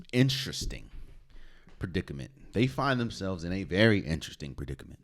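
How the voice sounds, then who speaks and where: A man with a low voice talks through his podcast on his own, casual and conversational. His pitch swings widely as he pushes his points. He restarts and repeats phrases as he goes. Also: darkish tone. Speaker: podcast host. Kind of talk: solo sports talk.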